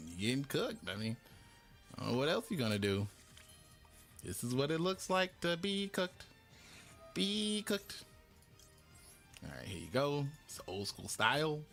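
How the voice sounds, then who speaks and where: Playful streamer with sudden high shouts. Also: male voice, sing-song, measured pace, creaky, long pauses, soft background music. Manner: mock-preachy. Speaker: game streamer. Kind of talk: live gameplay commentary.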